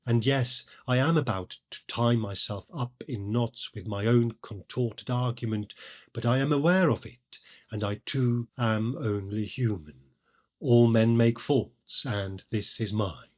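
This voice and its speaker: Male podcast host, mid-pitched, unhurried, deliberate scripted literary commentary. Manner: measured, deliberate explanation.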